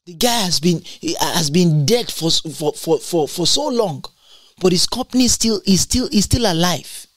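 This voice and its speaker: Preacher mid sermon, repeats everything, pitch jumps all over, dry close mic. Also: lively intonation, normal speed, dry recording. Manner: emphatic and repetitive, with large swings in pitch.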